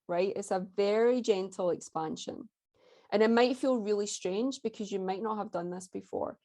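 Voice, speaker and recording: A woman with a mid-range voice presents a workshop talk in a chatty way, often checking in with "right?" When she guides a breathing exercise, her tone turns soft and soothing.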